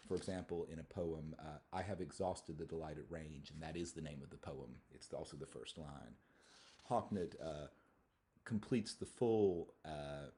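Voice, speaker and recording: A male university lecturer giving a thoughtful academic talk on poetry, often pausing and restarting his phrases. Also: extremely low pitch, a little mellow. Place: lecture hall.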